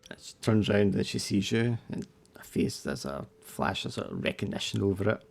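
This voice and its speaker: A man with a low, gravelly voice narrates a tabletop horror game as game master. He describes scenes loosely and casually, padding with small fillers. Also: expressive, fairly quick.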